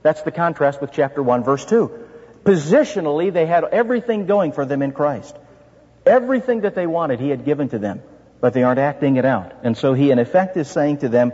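A man's voice: mid-range voice, brisk, darkish tone, husky. A man preaching an expository sermon as pastor, earnest and full of rhetorical questions. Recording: dull reverberant hall sound.

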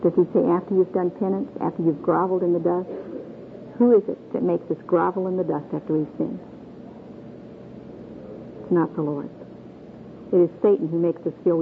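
A woman's voice: fairly low pitch, little pitch movement, normal speed, creaky, pauses often. A middle-aged woman from Michigan teaching a Bible class to a group in a folksy, earnest way, asking her listeners questions. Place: meeting room with a group. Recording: tinny phone-like old tape with faint hiss.

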